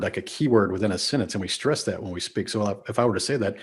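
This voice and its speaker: A man's voice: lowish voice, brisk, hardly any pauses, husky. A man with a Texas accent, a podcast guest talking casually and emphatically, often shifting his speed and volume. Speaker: podcast guest, business speaker.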